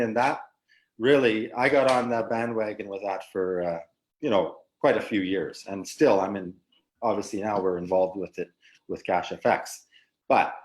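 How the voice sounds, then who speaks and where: A man from Canada chatting casually on a livestream, halting and padding his talk with fillers. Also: mid-range voice, a little mellow, low-quality recording. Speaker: team member guest. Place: Philippines, beach behind him.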